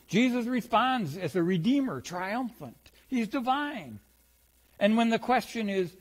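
High-voiced man preaching a reflective sermon. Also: animated. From Wisconsin. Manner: reflective, slows down for key phrases. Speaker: pastor.

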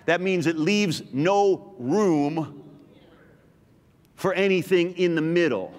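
A man's voice: on the high side, big pitch swings, drawn-out words, long pauses, a little mellow, in a large hall. A man preaching a sermon as pastor, emphatic and repetitive, teasing his congregation now and then. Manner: emphatic, repeats phrases, teases the congregation. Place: large church hall.

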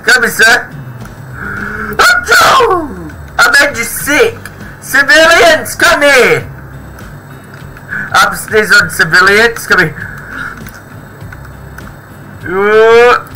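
A man commenting on his own game as he plays, excitable, often shouting and laughing. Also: extremely high pitch, slow pace, pauses often, over loud music, poor audio. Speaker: gaming video creator.

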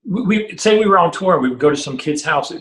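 A man's voice: a little high, fairly quick. A middle-aged man, a guitarist guest, telling stories in an interview, acting out quotes and swearing freely. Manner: animated storyteller who acts out quotes, swears freely. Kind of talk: storytelling interview. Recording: roomy echo.

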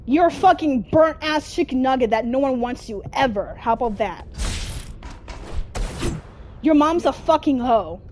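A woman's voice: sits high, lively intonation, a little slow, pauses often, darkish tone, slight background noise. A woman giving frustrated gameplay commentary, cursing at the game nonstop. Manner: constant angry cursing at the game. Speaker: gamer.

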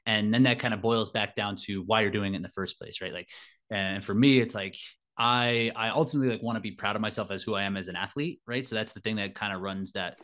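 A man's voice: on the low side, quick pace, a bit bright. A man being interviewed as an elite fitness racer and coach, reflective in manner and often adding "like" and "right?" as he talks. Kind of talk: casual interview talk.

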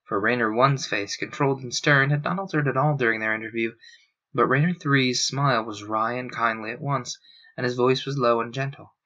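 A man narrating a novel aloud in a steady storytelling manner, on a dull lo-fi recording. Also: medium pitch, brisk. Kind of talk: book reading aloud.

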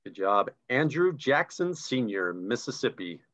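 A man's voice: medium pitch, very animated, a little slow, a bit bright. A man co-hosting a live online recognition event, reading names and chatting enthusiastically about ranks over a video call. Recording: dull lo-fi video call audio.

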